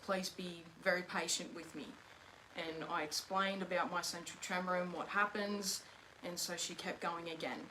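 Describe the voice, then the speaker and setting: A woman's voice: lowish voice, bright, forceful tone, slight background noise, low-quality recording. A young woman, earnestly telling a personal story on a live chat and retelling the dialogue. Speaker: guest, host's daughter.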